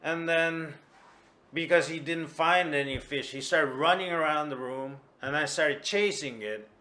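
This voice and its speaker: A man's voice: medium pitch, takes it slowly, fairly bright tone. A man playing a stammering drunk fellow. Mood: agitated. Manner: stammering, hesitant. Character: sheepish drunk man making excuses.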